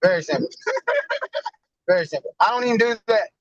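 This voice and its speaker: A laid-back man in casual conversation, now and then profane. His voice sits high for a man. The recording is dull and lo-fi, with no room sound. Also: wildly swooping pitch, measured pace, no echo.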